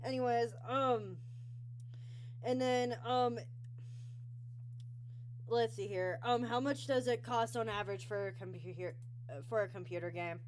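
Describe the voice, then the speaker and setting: A woman's voice: fairly high pitch, a little slow, long pauses. Rambling young woman hosting a casual interview. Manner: rambling, easily sidetracked, many ums. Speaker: interview show host.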